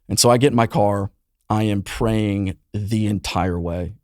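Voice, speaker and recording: A man in his thirties, a youth pastor guest on a podcast, telling a painful personal story earnestly and with emotion, often softening his voice. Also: steady tone, normal speed, no room sound, studio quality. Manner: earnest, emotional storytelling, voice drops low and soft in painful moments. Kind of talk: personal testimony in conversation.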